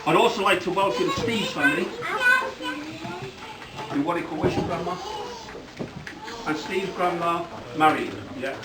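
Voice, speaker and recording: A middle-aged man giving a rambling, joke-filled father-of-the-bride speech at a wedding reception, breaking into loud bursts of praise. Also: high voice, moderate pace, long pauses. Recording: echoey hall, from far off, loud background noise.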